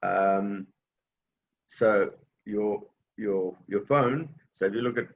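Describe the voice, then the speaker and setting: A man with a gravelly, mid-pitched voice teaches seniors in an online class. He explains patiently and plainly, restarting often and filling pauses. The sound is a dull, lo-fi video call with a faint hiss behind. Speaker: technology class instructor.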